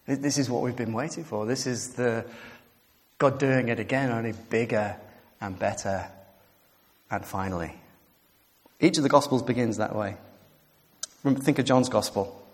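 A man preaching a sermon with animated emphasis, building to emphatic peaks and easing into quiet reflection. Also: mid-range voice, moderate pace, long pauses. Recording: long hall reverb.

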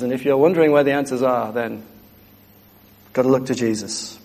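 A man delivers a sermon in an earnest, emphatic way. He drives his points home by repeating short phrases. His voice sits in an ordinary middle pitch. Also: brisk, creaky, pauses often, darkish tone. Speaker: preacher.

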